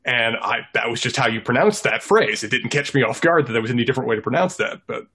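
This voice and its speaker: A man's voice: medium pitch, lively intonation, fast talker, bright, forceful tone, husky. A man from North Carolina chatting casually on a podcast, explaining things. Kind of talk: casual chat.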